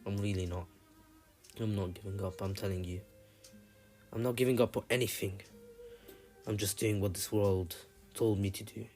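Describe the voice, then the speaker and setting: A man's voice: lowish voice, fairly even intonation, moderate pace, long pauses, a little mellow, faint music behind, natural voice. A man voicing a despairing young male ninja who calls himself a failure, speaking bitterly and repeating himself.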